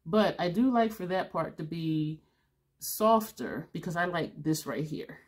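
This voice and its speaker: A woman's voice: fairly low pitch, animated, unhurried. A woman in her fifties chatting casually to camera as a beauty vlogger, blunt and rambling, laughing now and then, a little tired. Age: 50s.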